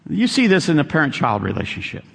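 A man's voice: a little high, huge pitch swings, fast, vocal fry, a bit bright, slightly rough, long reverb tail. A man preaching a sermon, quoting scripture and repeating key lines for emphasis.

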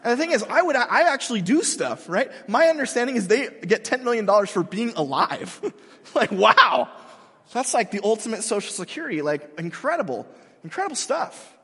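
Husky-voiced man preaching in a reverberant hall. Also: very high-pitched, sing-song, normal speed, sharp tone. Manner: casual, self-mocking, conversational preaching. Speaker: pastor. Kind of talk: sermon.

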